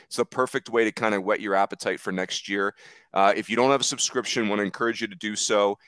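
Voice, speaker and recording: A man hosting a podcast in casual, rambling chat, quick to joke. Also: fairly low pitch, steady tone, fairly bright tone, clear, resonant tone, dry recording. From Philadelphia area. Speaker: podcast host.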